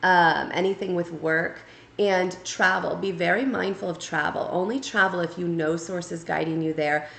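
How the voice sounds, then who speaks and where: A woman's voice: on the low side, fairly even intonation, normal speed, gravelly, fairly bright tone. A woman giving a casual spoken tarot reading, talking conversationally and checking in often with "right?" and "okay?". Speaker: tarot reader. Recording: echoey room.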